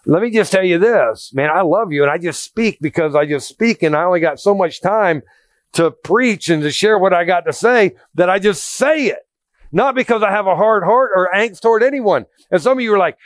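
Guy pastor preaching, blunt n chatty, kinda high voice, dry close sound. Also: expressive, normal speed, no echo. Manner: blunt, conversational storytelling with self-deprecating humor. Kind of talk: sermon.

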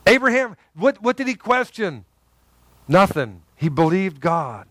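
A man preaching with lively, conversational energy, slipping into voiced quotes of the story's characters. His voice sits a little high for a man. The sound is close and dry, with no room around it. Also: a little slow, no room sound. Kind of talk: sermon.

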